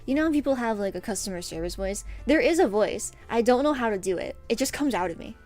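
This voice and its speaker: A young woman streaming while she draws, telling a story in an animated, rambling way, with lots of fillers and laughs. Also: a little high, quick pace. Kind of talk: casual storytelling chat while drawing. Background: faint background music.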